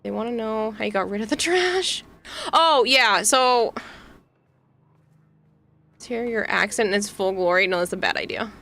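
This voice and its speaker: A young woman with a Boston accent chats casually with her stream. Her voice is bright, and she giggles often while answering chat. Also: medium pitch, unhurried, vocal fry, pauses often. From Massachusetts, USA. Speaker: VTuber streamer.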